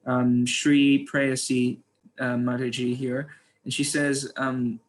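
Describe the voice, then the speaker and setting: A man's voice: medium pitch, level tone, takes it slowly. A man hosting a webinar, polite and hesitant, with many fillers. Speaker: webinar host. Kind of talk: moderating a webinar.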